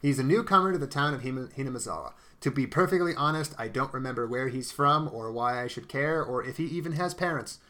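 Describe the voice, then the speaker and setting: A man's voice: medium pitch, fast, hardly any pauses, sharp tone. A young man co-hosting an anime podcast, ranting sarcastically with plenty of swearing. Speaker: podcast co-host. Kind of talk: casual chat, anime review podcast.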